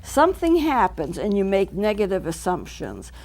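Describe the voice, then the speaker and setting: A woman's voice: mid-range voice, huge pitch swings, moderate pace, darkish tone. A middle-aged woman counselor hosting a local TV talk show, explaining points earnestly in a studio and repeating them for clarity. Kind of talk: teaching talk to camera.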